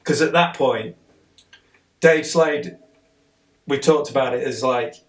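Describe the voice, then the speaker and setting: A man, a podcast guest, telling an excited, rambling story in casual conversation, sitting some way off the mic. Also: mid-range voice, takes it slowly.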